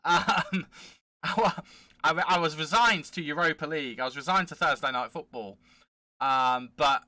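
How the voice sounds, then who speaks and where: A man hosting a football management game let's play, giving chatty, excitable play-by-play commentary. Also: a little high, normal speed, no room sound. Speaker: gaming channel host.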